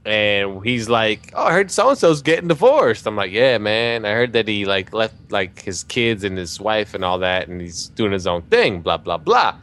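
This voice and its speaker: A man hosting a podcast, telling a jokey anecdote in a casual, animated way, with some swearing. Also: on the low side, measured pace, few pauses, clear, resonant tone. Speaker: podcast host. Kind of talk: casual storytelling chat.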